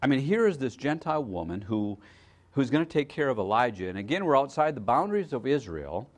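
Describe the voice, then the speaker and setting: A male pastor giving a sermon, talking conversationally and checking in with his listeners, swinging between loud emphasis and hushed asides and often repeating words as he goes. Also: medium pitch, big pitch swings, brisk.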